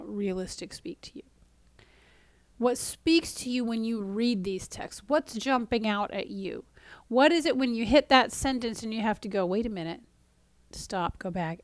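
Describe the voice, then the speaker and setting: A woman's voice: mid-range voice, no echo. A woman giving a casual spiritual talk to camera. She is conversational, uses frequent fillers and restarts, and sometimes drops to a near-whisper for emphasis. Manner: mock-exasperated voice when acting out a frustrated reader. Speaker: spiritual teacher. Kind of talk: casual spoken teaching to camera.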